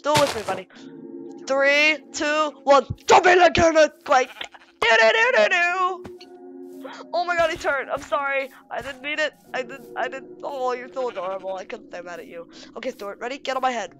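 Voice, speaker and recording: A woman giving playful gameplay commentary on a game mod, excitable and gushing, baby-talking to her in-game pets. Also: high-pitched, brisk, faint music behind. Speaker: YouTuber showing a game mod.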